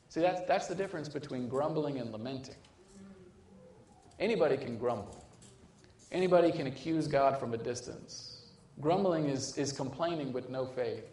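A man preaching a sermon with a fairly high voice that rings in a roomy church hall. He shifts between urgent, rising lines and hushed, quiet stretches. He often restarts phrases with repeated words. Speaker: pastor.

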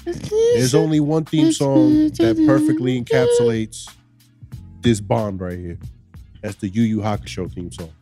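A man's voice: medium pitch, big pitch swings, a little slow, over music. A man co-hosting a podcast in casual chat, laid-back and playful. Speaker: podcast co-host.

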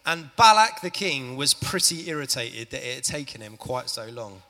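A man narrates a Bible story to a church family audience, chatting with listeners as he goes. His voice is bright and animated, and a long church-hall reverb follows him. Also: mid-range voice, normal speed. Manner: lively, chatty, addresses the audience.

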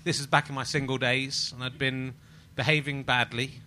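A man's voice: mid-range voice, flat delivery, normal speed, pushed and bright. A man hosting a comedy podcast interview, teasing and rambling in casual chat while under the weather. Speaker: podcast host.

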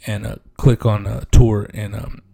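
A man's voice: fairly low pitch, level tone, a little slow, vocal fry, warm tone, husky. A man hosting a comedy podcast in a casual, joking monologue, loosely repeating "yes, yes" and "man". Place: podcast studio.

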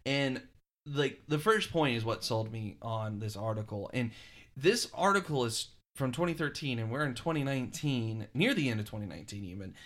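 A man co-hosting a casual podcast about a film, talking in a relaxed way with a lot of ums and uhs. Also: medium pitch, normal speed. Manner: relaxed, many fillers like um and uh. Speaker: podcast co-host.

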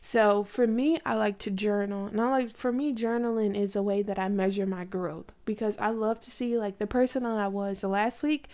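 A woman's voice: mid-range voice, fairly even intonation, moderate pace, hardly any pauses, darkish tone. A woman in her twenties casually telling a personal faith story, chatty, with lots of likes and you knows. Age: 20s.

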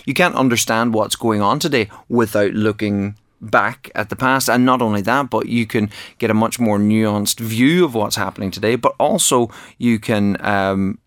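Guesting on a conversational interview, a man who is an author and actor discusses his book eagerly, often starting over and repeating words. He speaks at a moderate pace with few pauses, in a fairly low, fairly bright voice. It's studio quality with no echo.

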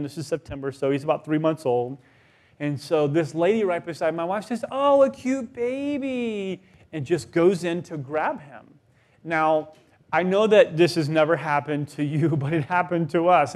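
A man in his thirties, a pastor preaching a sermon, telling a story with lively voiced quotes. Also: fairly high pitch.

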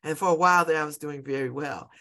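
Bright-voiced chatty woman in her fifties. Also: low voice, quick pace. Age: 50s. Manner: rambling, chatty, laughs often, repeats herself. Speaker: show host. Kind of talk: casual personal chat.

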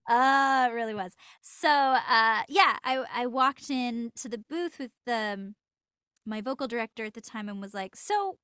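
A woman's voice: fairly high pitch, a little slow, bright, forceful tone, clear, resonant tone, dry recording, studio quality. A woman voice actor, a podcast guest, telling a story with lots of laughter and acted-out quotes. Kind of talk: casual storytelling interview.

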